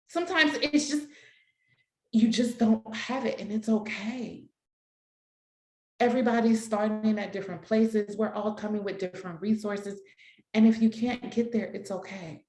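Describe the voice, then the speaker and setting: A woman's voice: on the high side, fairly even intonation, normal speed, reverberant. A woman leading an online workshop for educators, speaking in an encouraging, affirming way with many repeated phrases, heard over a video call. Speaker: workshop facilitator.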